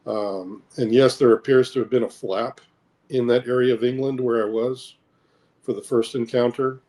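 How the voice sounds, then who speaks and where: A man's voice: medium pitch, fairly even intonation, normal speed, darkish tone. A middle-aged American man, an interview guest, recounting personal experiences in a hesitant way, with repeated words and many fillers. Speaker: interview guest, military veteran.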